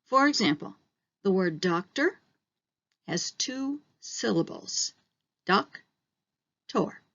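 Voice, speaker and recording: Woman teacher explaining slowly. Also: medium pitch, animated, gravelly, muffled recording. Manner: explaining step by step, slowing on key terms. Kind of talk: recorded online lesson.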